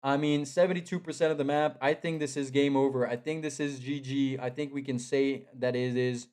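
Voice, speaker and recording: A young man giving live commentary on a strategy game match. He is excitable, repeats himself and talks straight to the players. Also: medium pitch, fairly quick. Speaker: esports caster.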